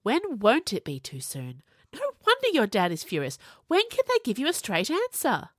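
A woman voicing a sharp-tongued, fiercely loyal young witch who talks briskly and teases. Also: fairly high pitch, wildly swooping pitch, no room sound, clean studio sound, voice pushed up, exaggerated voice.

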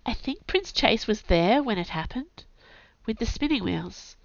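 A woman's voice: a little high, expressive, measured pace, vocal fry, no room sound, pitched above the performer's own voice. A woman voicing a bewildered, prickly young man who speaks in an earnest, defensive way. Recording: dull dry recording.

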